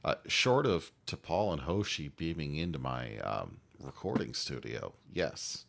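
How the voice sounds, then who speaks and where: A man on a live stream panel drops joking asides in an extremely deep voice. His tone is gravelly with plenty of fry, and his pitch swings widely. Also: animated, measured pace, fairly bright tone. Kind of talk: casual live-stream chat.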